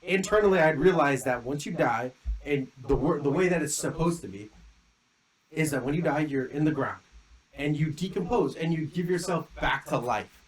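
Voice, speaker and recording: On a rough recording, a fairly high-pitched young man co-hosting a podcast talks at a moderate pace. He wanders through a long, casual tale, leaning on "like" constantly and animatedly re-enacting what people said.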